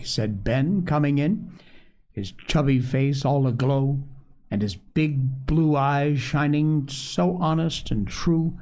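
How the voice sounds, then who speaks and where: Male storyteller; mellow, gravelly, animated read-aloud voice, on the higher side. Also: slow pace. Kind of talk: storybook reading.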